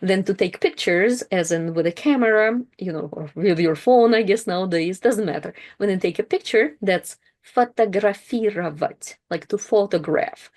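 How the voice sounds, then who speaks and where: A woman teaching a language lesson, patiently explaining verbs and repeating each word slowly for practice. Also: medium pitch, darkish tone.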